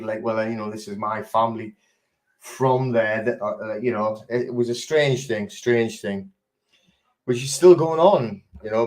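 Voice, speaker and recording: A man's voice: on the low side, darkish tone. A middle-aged man from England hosting a live online chat, greeting viewers by name and telling stories in a loose, rambling way with many fillers and restarts. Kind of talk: casual live-stream chat.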